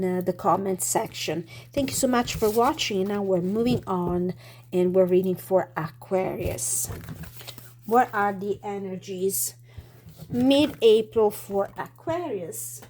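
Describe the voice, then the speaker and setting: A woman giving a casual tarot reading, slightly hoarse, speaking thoughtfully with many fillers and restarts. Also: mid-range voice, darkish tone, a little hiss or hum. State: slightly hoarse, clearing throat. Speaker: tarot reader.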